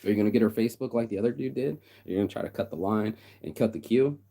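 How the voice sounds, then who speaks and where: Brief: middle-aged man, low dark voice, quick blunt profane rant, mocks others. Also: creaky, breathy edge. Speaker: vlogger. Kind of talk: casual ranting monologue.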